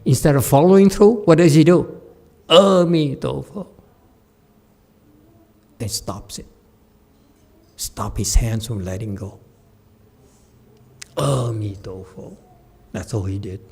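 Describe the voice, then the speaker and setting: A man, a Buddhist master, giving a Dharma lecture as an animated, joking storyteller who acts out the people in his story. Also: lowish voice, a little slow, slight background noise. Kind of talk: sermon.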